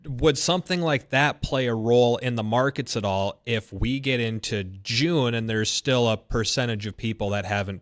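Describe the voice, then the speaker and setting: Male meteorologist co-host, low voice, halting delivery, dry sound. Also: fairly bright tone, no echo. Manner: halting, restarts while framing his question. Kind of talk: asking a question on a live show.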